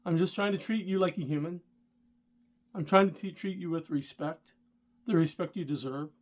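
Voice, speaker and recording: A middle-aged man with a somewhat high voice tells a story from his driving days in a casual vlog. He talks straight to the viewer and gets worked up and indignant as he goes. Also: normal speed. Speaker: rideshare driver and channel host.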